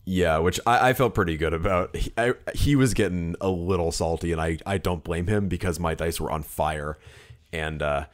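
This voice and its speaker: A man with a deep, low voice co-hosts a casual podcast chat. He rambles through his stories with plenty of fillers, restarts and asides, in a relaxed, everyday way. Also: normal speed. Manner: rambling, filler-heavy storytelling. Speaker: podcast co-host.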